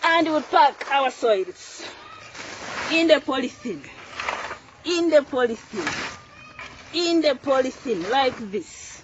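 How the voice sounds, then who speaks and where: A woman's voice: high voice, slight background noise. A woman farmer hosting her own channel, showing in a casual tutorial how to plant crops outdoors. She repeats phrases as she works with her hands and keeps her tone upbeat and instructive. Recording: dull lo-fi recording.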